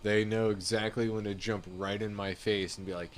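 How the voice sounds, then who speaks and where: A man's voice: fairly low pitch, level tone, a little fast, hardly any pauses, slight background noise. A man chatting casually on a live flight sim stream, rambling and laid-back, often saying "dude" and "you know what I mean.".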